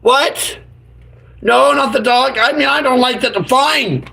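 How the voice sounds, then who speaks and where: A man's voice: very high-pitched, slow, creaky, pushed and bright, rough recording. A man chatting as a YouTuber on a live stream, goofy and rambling, full of silly made-up words.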